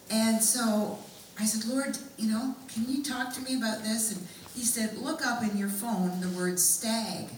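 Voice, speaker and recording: A woman giving a sermon testimony, telling her story earnestly and reading scripture slowly and expressively. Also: medium pitch, a little hiss or hum. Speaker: preacher. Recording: echoey room, mic far off.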